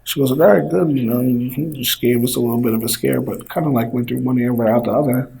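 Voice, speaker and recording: A young man casually telling a personal story, relaxed and conversational. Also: medium pitch, fast talker, creaky, poor audio. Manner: relaxed, conversational retelling with quoted dialogue. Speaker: former football player telling his story.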